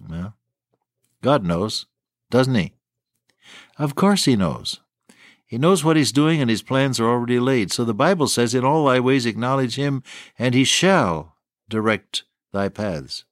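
An older man preaching a radio sermon in a gentle pastoral way, talking straight to his listeners and calling them beloved. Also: mid-range voice, expressive, normal speed, dry recording, studio quality.

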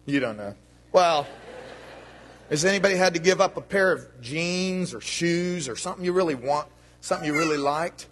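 A man's voice: fairly high pitch, normal speed, fairly bright tone, a little hiss or hum. A man giving a children's sermon in a church, talking to the kids in a playful, friendly way. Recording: long reverb of a church hall.

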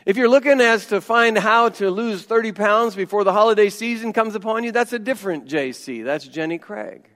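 Emphatic high-voiced pastor in a reverberant hall. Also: male voice, fairly quick, few pauses. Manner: emphatic, dropping to quiet intensity; humorous asides. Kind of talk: sermon.

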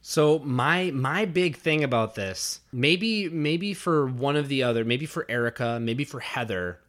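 Guy on a podcast breaking down last night's episode, chatty, mid pitch, stumbles and restarts a lot. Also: lively intonation, measured pace, a bit bright. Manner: conversational, analytical, frequent restarts. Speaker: podcast co-host. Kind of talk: casual reality-show discussion.

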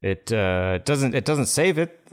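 A man co-hosting a podcast, chatting casually in a blunt, halting way with fillers. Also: medium pitch, lively intonation. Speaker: podcast co-host. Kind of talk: casual chat.

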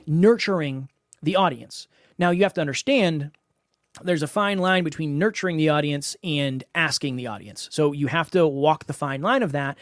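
A man's voice: a little high, moderate pace, dry recording, studio quality. Emphatic man hosting a podcast. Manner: emphatic, repeats words for stress. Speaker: podcast host and coach. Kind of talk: solo podcast monologue.

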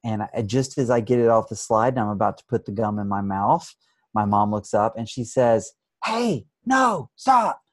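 A man who works as an addiction therapist, explaining his approach in an interview with thoughtful pauses and frequent restarts. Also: lowish voice, fairly even intonation, darkish tone, no room sound. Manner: thoughtful, many restarts, acts out examples.

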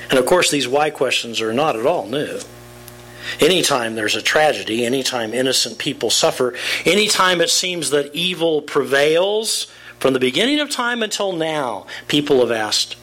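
A man's voice: fairly high pitch, expressive, normal speed, a bit bright, low-quality recording. A man, a pastor, preaching a sermon with emphatic rhetorical questions.

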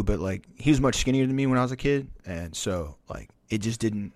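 A man's voice: on the low side, lively intonation, brisk, darkish tone, dry recording. A young adult man telling a long, profane, rambling story in casual podcast chat. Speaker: podcast host.

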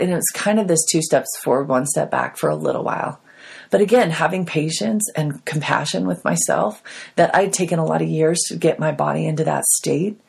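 A woman with a low, husky voice gives an earnest personal testimony as a guest on a faith podcast. Her speech carries a gravelly edge as she talks reflectively about her own recovery, speaking as a health coach. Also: darkish tone.

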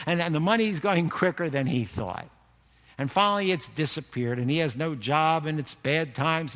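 An older man preaching a sermon with lively delivery, breaking into loud bursts and acting out the people in his stories. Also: high-pitched. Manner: animated preaching, acting out quotes with sudden shouted bursts. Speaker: pastor. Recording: echoey hall reverb.

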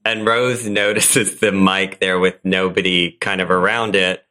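Animated bright-voiced male podcast host. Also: low voice, measured pace. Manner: animated storytelling, frequent laughs. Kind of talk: casual chat recapping a sitcom episode.

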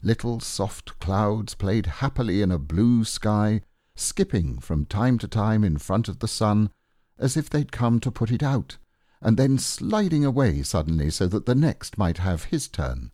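A man reads a storybook in a very deep, mellow voice. His pace is slow and unhurried, and his pitch rises and falls with lively expression. He is recorded on a close mic in a dry, dead room. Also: dry recording. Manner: slow and unhurried, gentle phrasing. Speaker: audiobook reader. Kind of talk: storybook narration.

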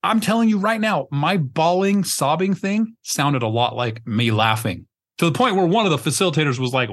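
A man's voice: fairly high pitch, expressive, moderate pace. A man hosting a podcast conversation, talking in a rambling, emphatic way, restarting often as he searches for words and swearing casually. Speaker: podcast host.

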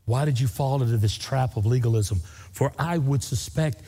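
A man's voice: mid-range voice, moderate pace, mellow, husky, big-room sound. A man preaching a sermon as a pastor in a church, pleading earnestly and repeating phrases for emphasis. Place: church sanctuary.

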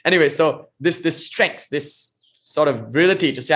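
Man, spiritual teacher, slightly high voice, chanted verses then casual explanation. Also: expressive, fairly quick, hardly any pauses, fairly bright tone. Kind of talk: online class on scripture.

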